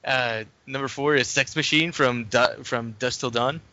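A man's voice: medium pitch, steady tone, a little slow, bright, forceful tone, dry recording, muffled recording. A man co-hosting a casual podcast chat, joking and laughing often. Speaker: podcast co-host.

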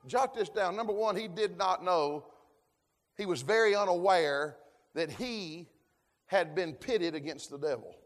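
A man preaching a folksy sermon, calling for amens and building to shouts. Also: sits high, a little slow. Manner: folksy, call-and-response, rising to shouts. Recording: long hall reverb.

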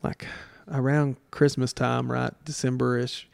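A middle-aged man as a podcast guest, telling stories in a casual, animated way and acting out the voices of people he quotes. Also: a little slow, gravelly, clear, resonant tone, no echo, studio quality. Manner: animated storyteller, acts out quotes with jumps in pitch. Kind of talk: casual storytelling interview.

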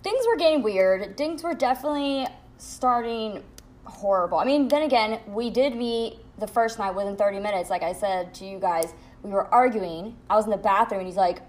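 A young woman telling a storytime vlog at home in a blunt, profane, animated way. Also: mid-range voice, normal speed. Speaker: vlogger. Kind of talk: storytime monologue.

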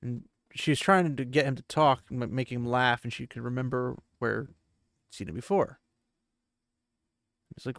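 A man's voice: mid-range voice, normal speed, vocal fry, fairly bright tone, no echo, clean studio sound. A man hosting a podcast and recapping a book chapter in rambling, conversational chat. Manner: rambling, conversational, with filler words. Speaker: podcast host.

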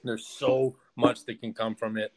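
A man's voice: medium pitch, little pitch movement, unhurried. A man, a podcast guest, telling a personal story in casual conversation, rambling with many restarts and "like"s.

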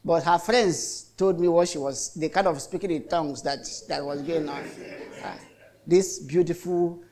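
A man's voice: a little high, moderate pace, darkish tone. A middle-aged Nigerian man preaching a sermon as a pastor, telling stories in a chatty way with lots of repetition. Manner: chatty storytelling with repetitions and mock voices.

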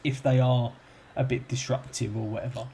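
A man's voice: mid-range voice, little pitch movement, moderate pace, vocal fry, warm tone, slight background noise. A young man, a podcast guest chatting casually and rambling with lots of fillers and restarts. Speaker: football club kit man, podcast guest. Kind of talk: casual chat, storytelling.

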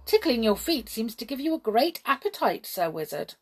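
A woman voicing a boastful, excitable male goblin in a storybook reading, with loud shrill outbursts. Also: normal speed. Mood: curious.

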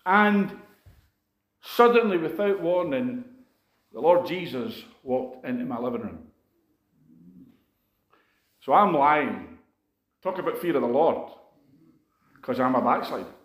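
A man's voice: medium pitch, animated, slow, pauses often, a bit bright. A man preaching a sermon, telling a personal story in an earnest, conversational way full of asides. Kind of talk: sermon testimony. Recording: echoey room.

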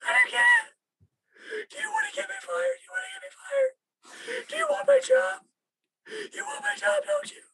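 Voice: lively intonation, moderate pace, pauses often, pushed and bright, heavily acted, rough recording. A podcast co-host voicing a panicky, self-pitying middle-aged man who squeal-cries and wails as he pleads. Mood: hysterical sobbing. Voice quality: high squealing cry. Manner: wailing, pleading, hysterical.

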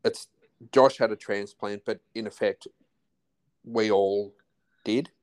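A man's voice: fairly low pitch, fairly even intonation, takes it slowly. An Australian man in his forties, a podcast guest talking casually, often restarting and trailing off mid-phrase. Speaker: podcast guest, husband of host. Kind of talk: casual chat.

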